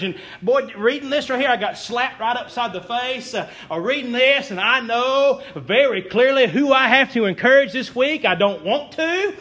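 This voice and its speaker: A man's voice: extremely high pitch, expressive, fairly quick, few pauses, pushed and bright. A young man preaching a sermon as a pastor, folksy, earnest and self-deprecating.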